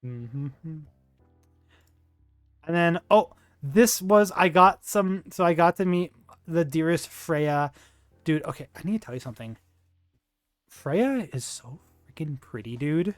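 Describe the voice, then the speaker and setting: A man with a somewhat higher voice talks casually to his stream, rambling through fillers and restarts and gushing with slang. The sound is dry and close, with faint music playing underneath. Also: lively intonation, unhurried, pauses often, dry recording. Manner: slangy, says dude and bro. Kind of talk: casual chat on a livestream.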